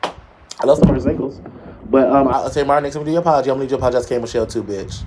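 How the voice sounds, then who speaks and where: A male co-host of a casual gossip talk show speaks very fast, sassy and emphatic, throwing plenty of shade with big jumps in pitch. The recording is very noisy.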